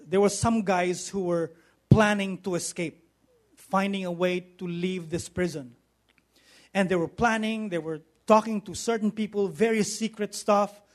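A man preaching a sermon, telling a story in a conversational way and often asking the audience questions. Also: high-pitched.

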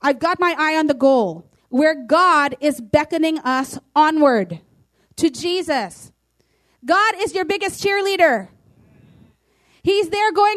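A woman's voice: extremely high pitch, expressive, unhurried, a bit bright. A woman pastor preaching a sermon, emphatic and declaring, reading scripture aloud.

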